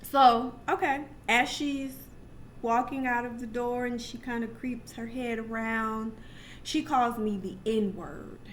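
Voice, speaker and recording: A woman's voice: on the high side, steady tone, slow pace, slight background noise. A young adult woman telling a personal story to camera in a casual, chatty way, full of asides and restarts. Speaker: vlogger.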